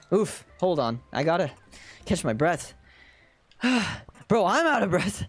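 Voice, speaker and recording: An excitable streamer giving casual gameplay commentary and joking at the screen. The pitch swings widely. Faint game music sits in the background. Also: moderate pace.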